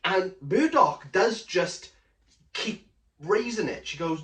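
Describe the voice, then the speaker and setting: Animated woman reviewing a book. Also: lowish voice, slow pace. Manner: animated and gushing, frequent "like" fillers. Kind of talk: casual vlog chat. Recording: roomy, from a distance from the mic.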